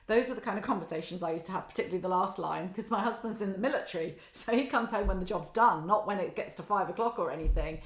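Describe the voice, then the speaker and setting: Middle-aged lady, lively chatty guest, echoey room sound. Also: mid-range voice, quick pace, hardly any pauses. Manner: animated, acts out quotes and laughs at herself. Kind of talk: reflective conversational chat. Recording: roomy echo.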